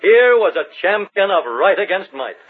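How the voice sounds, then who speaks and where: Dramatic male radio announcer, high-pitched, swooping delivery, thin phone-like sound with faint hiss. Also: sing-song, moderate pace, husky. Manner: booming, declamatory. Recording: tinny old radio recording, faint hiss.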